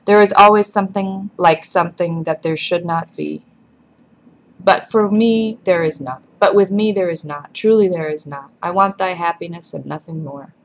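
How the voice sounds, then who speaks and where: A woman reading aloud, voicing a hot-tempered, jealous big older peasant woman in a blunt, forceful way. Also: on the low side, normal speed, slight background noise, lightly acted, rough recording. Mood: earnest.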